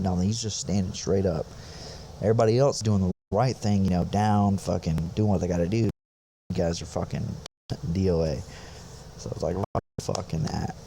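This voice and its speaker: A man's voice: low-pitched, dark tone, slight background noise. A young man on a podcast, telling a rambling, profane army story in a laid-back, casual way. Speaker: podcast host, infantry soldier.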